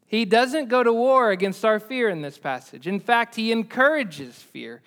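A man preaching a sermon as pastor, swinging between loud emphatic peaks and quiet low asides, repeating key lines for emphasis. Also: animated, moderate pace.

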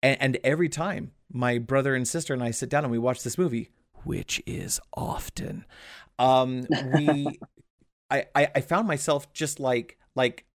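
A man hosting a casual interview, excitable and rambling as he talks fast. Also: medium pitch, no echo, studio quality. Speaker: podcast host.

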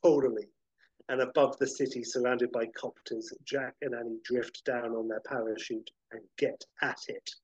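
Rambling man pitching a movie. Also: flat delivery, moderate pace, hardly any pauses, breathy edge, no echo, muffled recording. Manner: rambling, with many fillers. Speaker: podcast film pitcher. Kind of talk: casual storytelling pitch.

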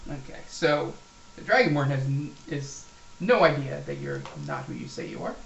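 A man's voice: mid-range voice, normal speed, gravelly, a bit bright, highs cut off. A man running a tabletop game as game master, narrating casually and voicing monsters in short quotes. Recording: echoey room with faint noise.

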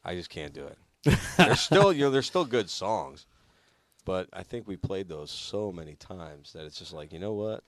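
A man with a low, deep voice chats casually on a radio show, rambling and poking fun at himself. His pitch swings widely as he talks, and the sound is close and dry. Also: very animated, moderate pace, a bit bright, dry recording. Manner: rambling, self-mocking, swears and laughs often. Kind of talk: casual chat.

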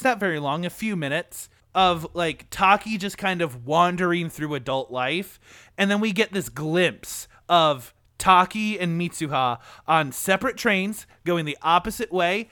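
A man's voice: sits high, pushed and bright, no room sound, studio quality. A young man retelling a film scene in a casual, emotional podcast chat, full of "like" fillers. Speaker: podcast co-host. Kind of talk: casual movie discussion.

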